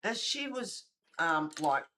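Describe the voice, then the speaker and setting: Animated, gossipy woman. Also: lowish voice, takes it slowly, a little hiss or hum. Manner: animated, gossipy storytelling with swearing. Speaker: livestream host. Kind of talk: casual chat while colouring on a livestream.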